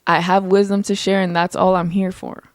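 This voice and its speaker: Loud, blunt young woman talking straight. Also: lowish voice, little pitch movement, no room sound, clean studio sound. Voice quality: naturally loud voice that projects. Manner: blunt, emphatic, talks fast with lots of "like". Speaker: podcast host. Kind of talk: casual solo chat.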